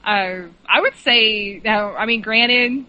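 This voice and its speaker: A woman's voice: a little high, slow, pushed and bright, highs cut off. A woman guest in a casual film chat, enthusiastic and rambling with frequent restarts. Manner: enthusiastic, rambling, laughs often.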